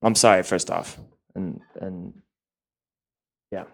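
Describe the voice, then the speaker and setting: A man hosting a live on-stage interview, asking questions in halting starts and restarts. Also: deep voice, steady tone, creaky. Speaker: interviewer host.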